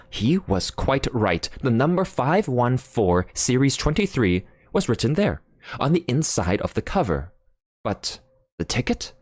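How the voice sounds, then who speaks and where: Deep-voiced woman narrating an audiobook. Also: dry recording, clean studio sound. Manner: expressive, theatrical reading.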